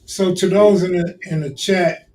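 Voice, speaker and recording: A man's voice: sits high, fairly even intonation, a little slow, a little mellow, a little hiss or hum. A man hosting a live stream, talking casually to the chat while he watches the screen. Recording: distant echoey mic with faint ambience.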